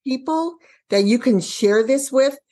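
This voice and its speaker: A woman's voice: high-pitched, lively intonation, a little slow, warm tone. A woman business coach interviewing a guest, encouraging and upbeat. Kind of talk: casual interview.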